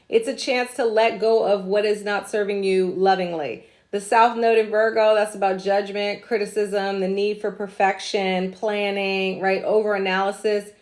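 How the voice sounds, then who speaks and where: A woman's voice: mid-range voice, a little mellow. A woman hosting a casual astrology livestream, chatty and slangy, drifting into asides and laughing at herself. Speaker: astrology host.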